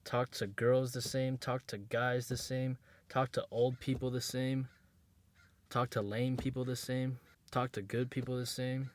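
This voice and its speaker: A man's voice: mid-range voice, little pitch movement, a little slow. Blunt, slangy man giving advice. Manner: blunt, emphatic, drills points by repetition; slangy, streetwise phrasing. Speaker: dating advice creator. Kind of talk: casual advice monologue to camera.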